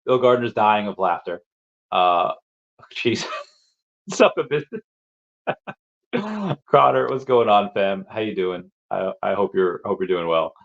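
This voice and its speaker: Low-voiced rambling man, lo-fi. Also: steady tone, unhurried, vocal fry. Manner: rambling, repeats words, many fillers. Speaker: crypto livestream host. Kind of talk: casual livestream chat reading comments.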